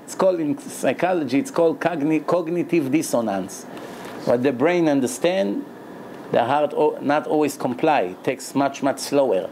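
A rabbi teaches Torah in a high, animated voice, acting out quotes with dramatic flair. He laughs often as he talks. A faint hiss sits under the recording. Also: normal speed. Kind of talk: Torah lecture.

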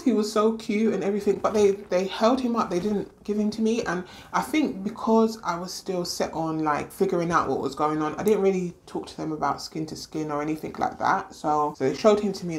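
A young woman vlogger casually telling a personal story, chatty and animated, acting out what others said. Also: sits low. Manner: chatty, animated retelling with quoted voices and laughs.

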